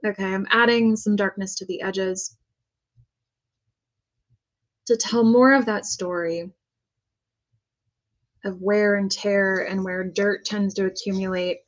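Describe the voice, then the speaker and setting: Painting a prop for a casual crafting vlog, an American woman talks herself through the work, chatty and joking. She speaks a little slowly with a flat delivery in a mid-range voice, and the recording has its highs cut off.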